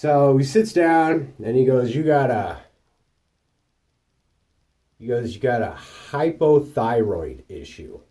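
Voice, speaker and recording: A man's voice: mid-range voice, slow, long pauses, distant mic. A man casually vlogging, telling rambling, profane stories about his week and acting out the people in them. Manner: profane, rambling anecdotes with animated quoted voices. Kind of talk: casual storytelling monologue.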